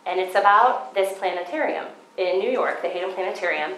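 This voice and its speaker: A woman giving a Christian seminar talk at a conference. She tells stories in an animated way and acts out her own past thoughts. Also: mid-range voice, fairly quick, echoey room, poor audio. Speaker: conference speaker.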